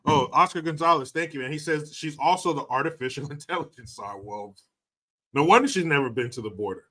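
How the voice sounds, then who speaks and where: A man's voice: on the high side, a little fast, bright, forceful tone. A man hosting a casual livestream, ranting sarcastically and thanking viewers for donations. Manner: sarcastic, mocking rants with profanity. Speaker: livestream host reading donations.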